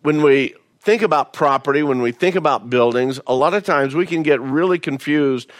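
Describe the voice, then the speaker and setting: A man's voice: fairly high pitch, normal speed, dry recording, studio quality. A male pastor preaching a sermon in a folksy, conversational way, telling stories and often repeating words as he goes. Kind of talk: storytelling sermon.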